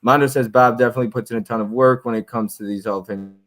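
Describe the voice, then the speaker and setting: A man's voice: medium pitch, steady tone, very fast, fairly bright tone. A man hosting a live stream in casual chat, reading viewer comments aloud, friendly, with lots of fillers. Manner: friendly, chatty, frequent fillers and laughs.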